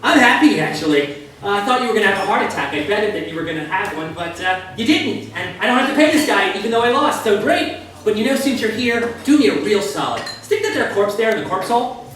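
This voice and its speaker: A man's voice: sits high, animated, fast talker, a bit bright, slight background noise, pitched above the performer's own voice. A man voicing a cheerful, callous hired gunman with chummy, chipper banter in a live story reading, heard from a distant mic in an echoey hotel bar with clattering dishes. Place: hotel bar event room.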